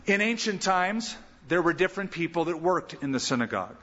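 A male pastor preaching a sermon with lively delivery, acting out the lines he quotes. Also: on the high side, a little fast, slightly rough. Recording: muffled sound with long hall reverb.

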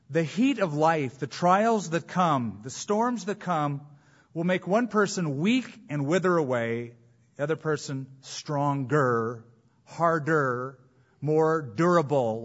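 A man preaching a sermon as pastor, emphatic, with dramatic pauses and repeated phrases. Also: medium pitch, highs cut off.

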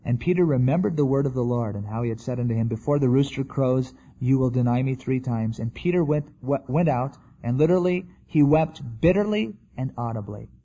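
A man's voice: medium pitch, fairly quick, few pauses, mellow, muffled recording. A man preaching a sermon in a conversational way, acting out the quotes he tells. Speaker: pastor.

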